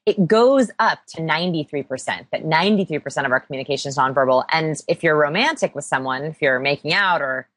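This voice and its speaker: A woman interviewed as an expert, explaining energetically with quick examples. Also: low voice, a bit bright, no room sound. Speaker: interview guest, body language expert. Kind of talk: podcast interview.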